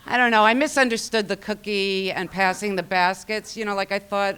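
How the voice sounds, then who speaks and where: A woman's voice: medium pitch, normal speed, fairly bright tone, a little hiss or hum. A woman speaking at a recovery meeting, sharing her personal story in a wry, self-mocking way and acting out what her family said.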